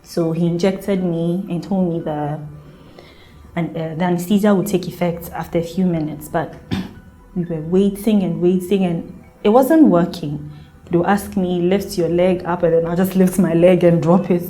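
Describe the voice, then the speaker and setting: A woman's voice: fairly low pitch, steady tone, normal speed, dark tone, soft background music. A young woman from Ghana telling her own birth story in an earnest, emotional way and acting out the people she quotes. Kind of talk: personal storytelling.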